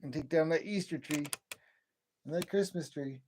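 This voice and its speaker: A man's voice: fairly high pitch, normal speed, dark tone, a little hiss or hum. A man hosting a late-night livestream, chatting in a rambling, friendly way, chuckling often and answering viewer comments. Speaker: livestream host.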